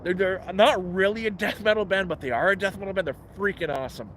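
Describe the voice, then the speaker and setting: A man's voice: sits high, quick pace, a bit bright, slight background noise. Blunt, profane man livestreaming outdoors. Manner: blunt, profane, frank advice giver. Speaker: livestream host living outdoors. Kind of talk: casual live-stream chat. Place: outdoors in woods near a camp.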